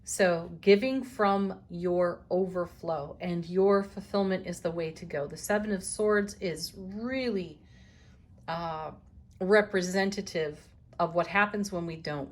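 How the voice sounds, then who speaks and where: A woman giving a daily tarot card reading, speaking in an unhurried, affirming way with spiritual phrasing and soft laughs. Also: on the low side, steady tone. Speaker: tarot reader.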